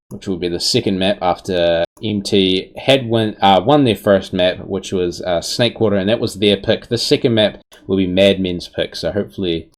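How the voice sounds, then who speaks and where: A man casting a live esports match in an easygoing way, correcting himself as he goes, on a headset mic. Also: low voice. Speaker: esports caster.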